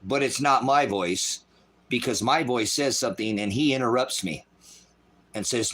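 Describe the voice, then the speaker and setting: A middle-aged man preaching in an angry, profane livestream style, voice swinging loud. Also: medium pitch, moderate pace. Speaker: street preacher.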